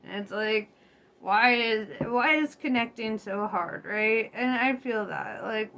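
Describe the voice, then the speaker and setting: A woman's voice: fairly high pitch, slow pace, vocal fry, bright, forceful tone, highs cut off. A young woman giving a casual tarot reading to her viewers, chatty and loose, laughing often and swearing freely. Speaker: tarot reader. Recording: faint background noise.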